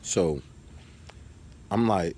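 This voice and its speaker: A man with a low, deep voice talks loosely to his camera. He rambles and turns street-casual. He sometimes stops to give his viewers advice. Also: very slow, dark tone. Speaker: vlogger.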